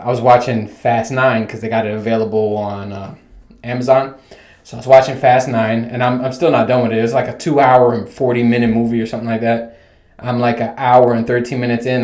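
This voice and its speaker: A man in his thirties hosting a casual solo podcast, ranting and telling stories with plenty of swearing. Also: mid-range voice. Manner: animated, profane, rambling storytelling. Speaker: podcast host. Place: home room with bare walls. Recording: echoey untreated room.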